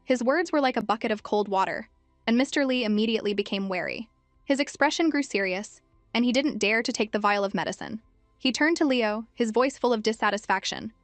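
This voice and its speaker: A woman giving scripted narration of a comic story recap in an even storytelling manner. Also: mid-range voice, brisk, no room sound, faint music behind.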